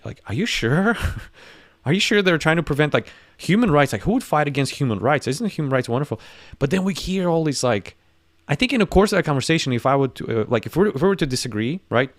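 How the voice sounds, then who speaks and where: A man's voice: a little high, sing-song, fast talker, no room sound. A man co-hosting a live talk show, talking in a rambling way with many restarts and acted-out quotes. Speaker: podcast co-host. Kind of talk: casual live discussion.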